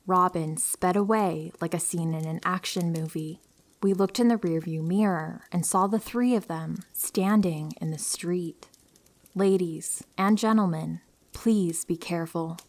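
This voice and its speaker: A young woman calmly reading true horror stories aloud for sleep, slipping into hushed, whispery stretches. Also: on the low side. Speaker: narrator reading listener stories. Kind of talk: soft scripted storytelling for sleep.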